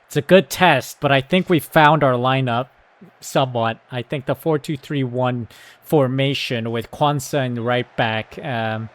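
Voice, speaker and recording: Excitable man calling a football sim. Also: mid-range voice, measured pace, dry recording. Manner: excitable, shouts at the team, then calm tactical talk. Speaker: gaming YouTuber. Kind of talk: live commentary on a football management game.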